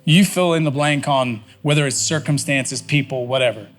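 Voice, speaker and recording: A man's voice: mid-range voice, moderate pace, fairly bright tone, soft background music. A man preaching a sermon in a conversational, folksy way, often repeating phrases for emphasis. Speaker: pastor. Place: church sanctuary.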